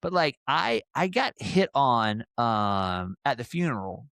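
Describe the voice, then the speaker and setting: Man, 40s, podcast host, mid-pitched voice, rambling animated storytelling, dry close recording. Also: slow pace, vocal fry, dry recording. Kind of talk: casual storytelling chat.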